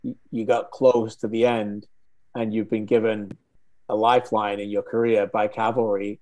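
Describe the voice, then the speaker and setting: A man's voice: on the low side, little pitch movement, moderate pace, dark tone. A man hosting a sports interview, asking encouraging, leading questions.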